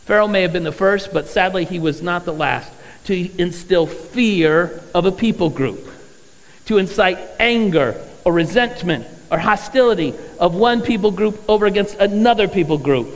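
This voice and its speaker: High-voiced pastor preaching in a reverberant hall. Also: male voice, lively intonation, normal speed. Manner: conversational preaching, reads scripture aloud. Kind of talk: sermon. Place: church sanctuary.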